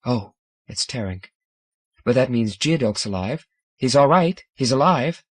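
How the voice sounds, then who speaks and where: A man voicing an emotional, excitable young female alien with a breathless, exclamatory manner. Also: mid-range voice, unhurried, no echo, studio quality.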